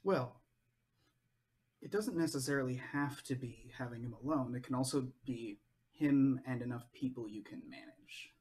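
A man running a tabletop game as game master, explaining in a relaxed, practical way. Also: mid-range voice, moderate pace.

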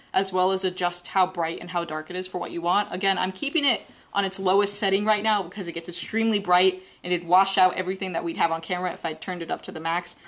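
A woman teaching a live drawing class, explaining in a relaxed, chatty way while she sketches. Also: on the low side. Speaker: art instructor.

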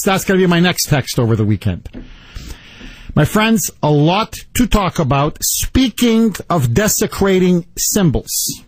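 Male radio host, lively indignant storyteller, higher-pitched, dry studio mic. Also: dry recording, poor audio. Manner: animated, mock-outraged storytelling. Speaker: radio talk show host. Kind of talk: talk radio monologue.

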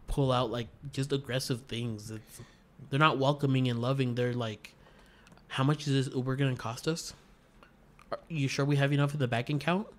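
A man co-hosting a podcast, telling crude stories in casual chat and acting out quotes loudly. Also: mid-range voice. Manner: profane storytelling, acts out quotes loudly. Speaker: podcast co-host.

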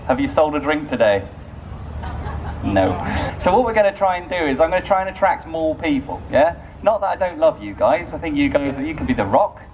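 Cheeky street busker with lively pitch. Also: male voice, a little fast, recorded from a distance, narrow, tinny audio. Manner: cheeky, self-mocking, chatty with passers-by. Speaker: street performer. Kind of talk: busking crowd banter. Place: outdoors in a city street. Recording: noisy outdoor street recording.

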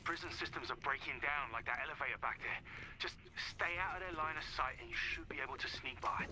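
An actor voicing a terse male fellow prisoner in game dialogue, quick and urgent. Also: a little high, lightly acted. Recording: game audio with noise behind.

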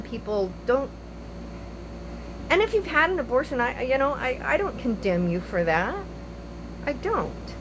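A woman's voice: on the high side, background noise. Impassioned older woman, pleading and repetitive. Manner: impassioned, pleading, repeats phrases. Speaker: vlogger. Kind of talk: emotional opinion monologue to camera.

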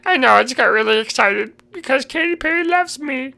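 Bright highish girl being goofy in a game roleplay, a little gravelly. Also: lively intonation, a little fast. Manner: silly, giddy, timid. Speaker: player. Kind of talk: video game role-play.

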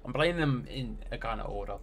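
A man's voice: medium pitch, lively intonation, a little fast, creaky, a bit bright, slight background noise. An English man casually commenting on a game for his live chat, humming idle tunes between remarks. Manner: hums idle tunes while playing, talks to chat casually. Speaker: game streamer.

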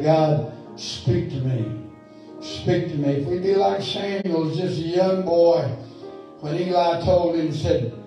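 A man's voice: fairly high pitch, mellow. A man preaching a sermon as pastor, fervent and building to emphatic calls, recorded in a church sanctuary. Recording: echoey church hall, mic far off.

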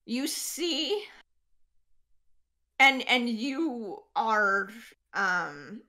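A woman narrating as game master of a tabletop game, unhurried and hesitant, with many fillers. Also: a little high, big pitch swings, bright, forceful tone.

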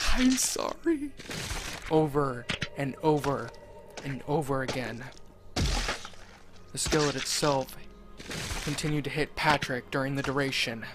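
A man narrates a horror story at a mid pitch, in a deliberate, unhurried reading that lingers on grisly details. Faint music plays underneath.

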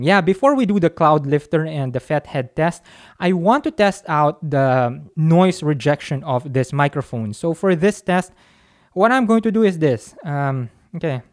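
A man's voice: a little high, expressive, unhurried. A chatty man talks right up against a dynamic studio mic at a home recording setup. His delivery is offhand and conversational, with little jokes at his own expense as he walks through a mic test. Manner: chatty and offhand, with self-mocking asides. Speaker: microphone reviewer. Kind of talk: casual mic test demo. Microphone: dynamic studio mic, talking close.

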